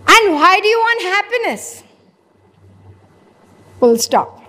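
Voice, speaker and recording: A woman's voice: extremely high pitch, big pitch swings, measured pace, long pauses, a bit bright. A woman giving a sermon, asking rhetorical questions and acting out imagined conversations. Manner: rhetorical, plays out imagined dialogues. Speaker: spiritual lecturer. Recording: long hall reverb.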